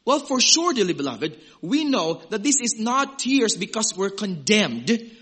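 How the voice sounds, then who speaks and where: High-pitched, husky preacher man. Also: unhurried. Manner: animated, swings from loud to hushed; conversational, acts out little quoted voices. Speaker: pastor. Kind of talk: sermon.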